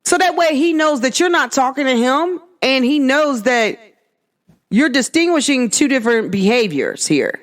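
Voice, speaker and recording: A woman's voice: sits high, lively intonation, normal speed. A woman hosting her own podcast, talking in a casual, emphatic monologue full of rhetorical questions. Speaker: podcast host.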